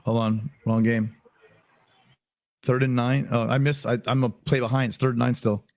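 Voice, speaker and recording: Male co-host, calm and wry, casual play-by-play chat. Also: medium pitch, normal speed.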